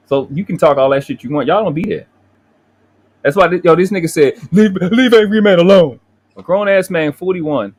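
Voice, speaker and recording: A man in his forties from Baltimore with a Baltimore accent, hosting a livestream in a profane, boastful, confrontational casual rant. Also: mid-range voice. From Baltimore, USA. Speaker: livestream host.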